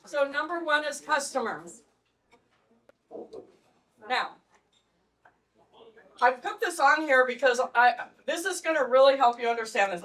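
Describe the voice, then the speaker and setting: A woman teaching a live networking workshop, telling animated stories with laughs. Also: high-pitched, distant mic, rough recording. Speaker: networking trainer. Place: meeting room with audience.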